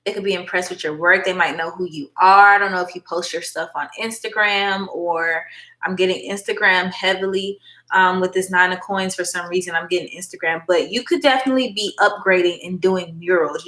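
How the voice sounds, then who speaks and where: A woman's voice: fairly low pitch, steady tone, normal speed, pushed and bright. A woman giving a chatty, affectionate live tarot reading, calling viewers honey and baby girl. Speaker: tarot reader and livestream host. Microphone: phone. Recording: echoey room.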